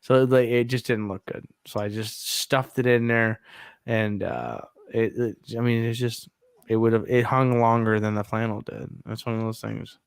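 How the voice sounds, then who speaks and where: A man's voice: medium pitch, level tone, normal speed, clear, resonant tone, no echo. A man in his thirties telling a long rambling story in a casual podcast chat, laughing often. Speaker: podcast co-host.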